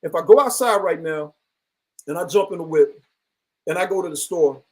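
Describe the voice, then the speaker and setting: Earnest, high-pitched man who rambles reflectively in casual discussion. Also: animated, moderate pace, poor audio.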